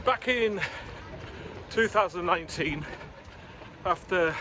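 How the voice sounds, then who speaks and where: Middle-aged running Geordie man, mid-high voice. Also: slow pace. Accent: Geordie mixed with London. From Newcastle, England. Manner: chatty, frank, talking while running. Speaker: running vlogger. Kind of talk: casual running vlog. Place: outdoors on city streets and canal towpath. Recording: clear urban background noise.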